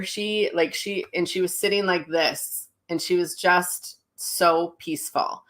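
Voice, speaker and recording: A middle-aged woman telling viewers a personal story in a casual, animated way, acting out what people said, as a psychic medium hosting her own channel. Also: lowish voice, moderate pace, hardly any pauses.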